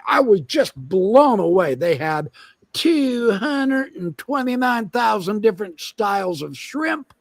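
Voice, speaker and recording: A man's voice: sits high, no room sound. A man in his sixties telling exaggerated stories in a casual live chat. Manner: animated, exaggerating storyteller. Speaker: guest storyteller.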